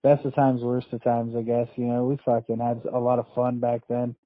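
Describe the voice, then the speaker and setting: A man's voice: medium pitch, completely flat delivery, a little fast, no room sound. A man hosting a podcast, reminiscing casually with a lot of swearing. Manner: profane, laid-back reminiscing. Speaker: podcast host. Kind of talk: casual chat. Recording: tinny phone-like line.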